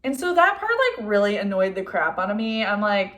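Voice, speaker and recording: A woman's voice: mid-range voice, big pitch swings, brisk, hardly any pauses, fairly bright tone. Young woman, vlogger doing a film rant; casual, chatty, easily exasperated, fillers everywhere, mid-range voice. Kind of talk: casual chatty movie review.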